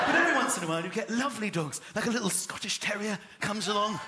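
High-voiced man doing stand-up. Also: fast talker, hardly any pauses, background noise. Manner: animated, playful, silly. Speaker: stand-up comedian. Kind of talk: stand-up comedy set. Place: live comedy venue. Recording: echoey venue with loud crowd laughter.

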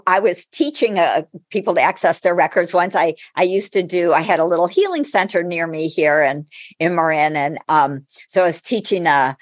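A middle-aged woman, a spiritual teacher and guest, telling stories in a casual interview, animated and laughing often. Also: lowish voice, moderate pace, dry recording, studio quality.

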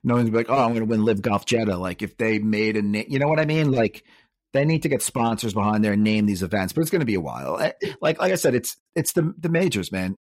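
A man's voice: fairly low pitch, lively intonation, fast talker, dry recording, studio quality. A man co-hosting a podcast, talking casually and filling his sentences with "like" and "you know.". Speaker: podcast co-host. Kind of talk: casual chat.

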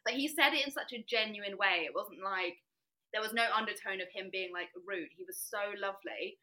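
A woman with a Southern English accent, chatting as a podcast guest and telling stories in a lively, animated way. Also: medium pitch, brisk, poor audio. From England. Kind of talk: casual chat.

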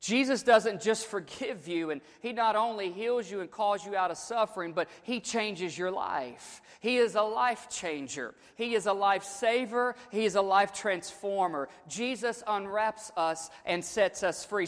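A man with a high voice preaches in a church sanctuary, and his words ring out with long hall reverb. He moves between hushed storytelling and joking asides, then builds to loud, dramatic shouts. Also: animated, a little slow, hardly any pauses. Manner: humorous asides. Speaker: pastor. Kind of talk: Easter sermon.

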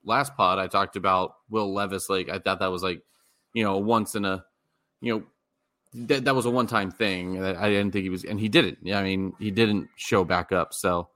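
A man co-hosting a casual sports podcast, talking haltingly with many restarts. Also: low voice, steady tone, sharp tone. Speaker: podcast co-host.

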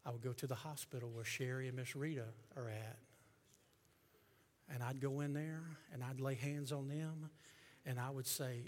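A male pastor preaching a sermon to his congregation, swinging from hushed tones to loud, fervent passages. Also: medium pitch, fairly even intonation, moderate pace, a little hiss or hum. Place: church sanctuary with congregation.

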